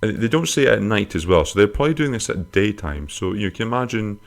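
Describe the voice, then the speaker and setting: A man hosting a casual comic podcast, rambling through listener questions with crude, self-mocking humor and sudden squeaky jokey swings. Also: lively intonation, fairly quick, gravelly.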